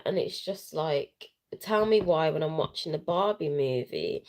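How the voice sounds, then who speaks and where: A woman vlogger with a fairly low, warm voice is crying in an emotional, casual live chat. Tearful and candid, she rambles on with slang and swearing, recorded at home on her own setup without a sound check.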